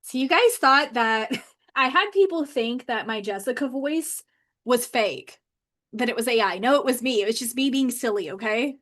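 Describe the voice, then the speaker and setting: A woman's voice: fairly high pitch, lively intonation, moderate pace, fairly bright tone. A woman coach chatting casually on a live stream from her home office, bubbly and loose, with lots of "like" fillers. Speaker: manifestation coach.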